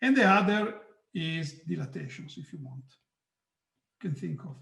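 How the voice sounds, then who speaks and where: A man giving a physics lecture online, halting, with many restarts and frequent "okay"s. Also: a little high, expressive, creaky, fairly bright tone, echoey room. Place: hot room.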